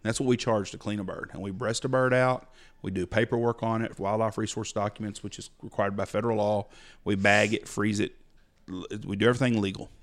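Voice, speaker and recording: Blunt outfitter spinning stories. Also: male voice, on the low side. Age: middle-aged. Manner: folksy, blunt storyteller acting out clients' lines. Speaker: hunting outfitter, podcast co-host. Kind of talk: casual storytelling chat.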